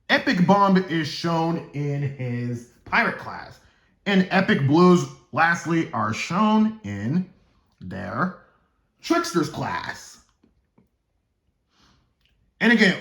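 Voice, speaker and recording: In a reverberant recording, a man with a slightly high, fairly bright voice walks through the story of his own fan game series. The gaming YouTuber is casual and unscripted, rambling and stumbling while joking to himself.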